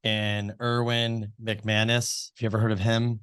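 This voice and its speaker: A man's voice: fairly low pitch, completely flat delivery, measured pace, a bit bright, smooth. A man co-hosting an interview show, telling a story in a loose, rambling way full of fillers and retold dialogue. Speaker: co-host. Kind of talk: casual interview chat.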